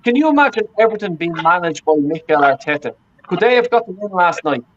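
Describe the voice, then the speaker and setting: A man with a fairly high voice rants on a football fan panel, swearing and circling back over his points. The sound is dull and lo-fi, like call audio. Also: lively intonation, a little fast, a little hiss or hum. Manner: profane, ranting, repeats himself.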